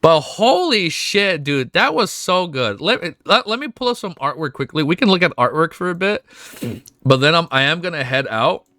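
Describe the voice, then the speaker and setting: A man streaming at home, reading a webnovel aloud and reacting with emotional, excitable outbursts full of swearing. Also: on the high side, normal speed, no echo, studio quality. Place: at home with his dog.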